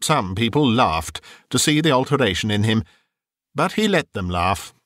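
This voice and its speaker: In studio quality with a dry recording, a man narrates an audiobook expressively, as if telling a story. He speaks at normal speed in a medium-pitched voice.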